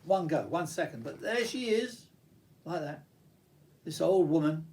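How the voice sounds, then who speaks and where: Older man reminiscing, lively pitch. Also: a little slow. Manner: reminiscing, digressive, frequent restarts and fillers. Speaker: vlogger. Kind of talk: rambling personal monologue.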